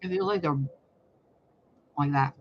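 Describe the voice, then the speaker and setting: Speaking at a measured pace in a slightly high voice, this man gives tarot readings in a loose, rambling monologue. He's blunt, expressive and profane, and the lo-fi audio carries a little background noise.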